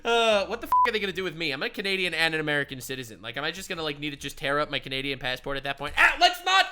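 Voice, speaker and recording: A man giving comedic reaction commentary as a streamer, excitable and swearing, swinging from loud outbursts to low mutters. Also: rapid-fire, smooth.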